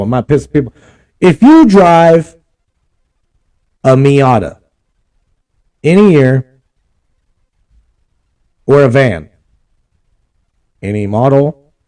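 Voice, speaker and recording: A man's voice: medium pitch, dark tone. A young man, ranting and cussing in a casual vlog. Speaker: vlog host. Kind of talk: casual profane rant.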